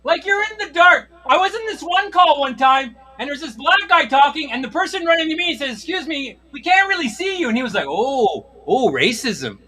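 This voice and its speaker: A man's voice: very high-pitched, animated, fairly quick, few pauses, bright, forceful tone. A middle-aged man doing a stand-up routine, ranting in exasperation with frequent swearing. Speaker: stand-up comedian. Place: comedy stage.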